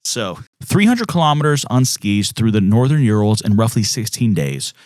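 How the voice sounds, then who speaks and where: A man's voice: lowish voice, big pitch swings, normal speed, a little mellow, dry recording, clean studio sound. A man co-hosting a podcast, reacting with jokes and reading trip details casually. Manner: jokey reactions, mock voices. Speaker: podcast co-host. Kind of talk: casual chat.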